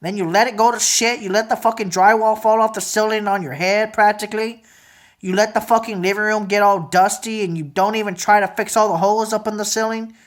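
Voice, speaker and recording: A woman's voice: steady tone, a little fast. Angry young woman ranting, swearing. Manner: repeats phrases, drops to a low mutter at times. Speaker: vlogger. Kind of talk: emotional venting monologue.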